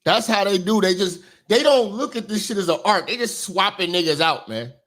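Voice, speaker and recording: A male commentary host reacts in loose, slangy talk. His voice sits a little high for a man and pushes harder and higher when he gets heated. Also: expressive, a little fast, a bit bright. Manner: slangy and emphatic, climbing higher when worked up.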